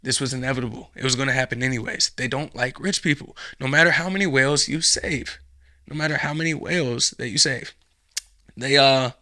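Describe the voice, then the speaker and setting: A man's voice: medium pitch, brisk, pushed and bright. A man hosting a podcast, delivering a profane, sarcastic, rambling comedic monologue. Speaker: podcast host.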